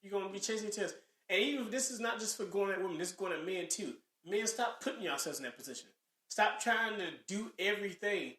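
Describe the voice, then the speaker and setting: Animated high-voiced man ranting. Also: fast. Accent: Southern US. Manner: animated, preachy rants with mock voices. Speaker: podcast co-host. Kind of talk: casual podcast chat. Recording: echoey room.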